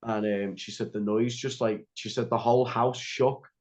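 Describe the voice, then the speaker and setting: Guesting on a podcast, a young man recounts a story at normal speed in a slightly mellow, mid-range voice with little pitch movement. He rambles, uses "like" a lot and restarts often; the lo-fi recording is slightly dull.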